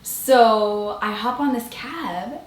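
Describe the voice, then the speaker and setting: A young woman vlogger telling a story to the camera in a chatty way, full of fillers and quick laughs. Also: a little high. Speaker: beauty vlogger. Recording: roomy echo, faint ambience.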